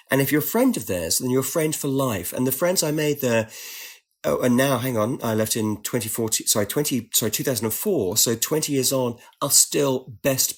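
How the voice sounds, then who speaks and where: A British man, a guest on a talk show, telling an animated story in conversation and slipping into other voices when quoting people. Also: medium pitch. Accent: British English. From Britain.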